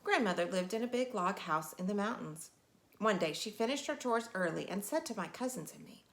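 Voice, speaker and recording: A woman reading a picture book aloud in an expressive, animated way. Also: mid-range voice. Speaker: storyteller.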